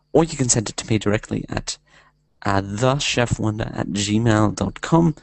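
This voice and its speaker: A man's voice: mid-range voice, vocal fry, a little mellow, no echo, rough recording. A man doing a casual, rambling film review segment for a podcast, hesitant and full of fillers, amused by his own jokes.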